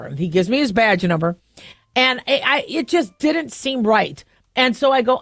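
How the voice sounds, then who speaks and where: A middle-aged woman hosting a talk radio show, telling a story in a lively way and acting out both sides of a phone call. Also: on the high side, moderate pace, no echo, clean studio sound. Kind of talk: casual talk radio monologue. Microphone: studio microphone.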